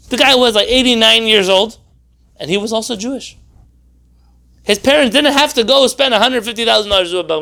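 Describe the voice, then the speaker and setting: A rabbi leads an informal Torah class in a high, bright voice. He keeps tossing rhetorical questions at his listeners and slips in dry, sarcastic humor. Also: vocal fry. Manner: animated, full of rhetorical questions.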